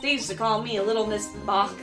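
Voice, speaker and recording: A woman's voice: medium pitch, steady tone, fast talker, lightly acted. A woman reading the lines of an eager teenage girl forensic scientist, over game music.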